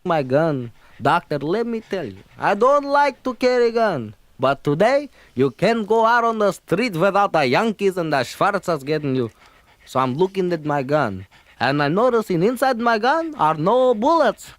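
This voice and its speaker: A man's voice: sits high, very animated, moderate pace, no echo. A frantic accented father. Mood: exasperated. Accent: Yiddish-inflected English. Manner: rambling, exasperated, pleading. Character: fretful immigrant father with heavy accent. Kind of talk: comedy album sketch.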